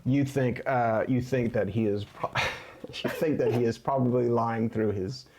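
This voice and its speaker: A man's voice: mid-range voice, steady tone, a little slow, noisy background. A man narrating as game master of a tabletop game, laughing often and stumbling over his words. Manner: laughs often, voices NPCs with many restarts.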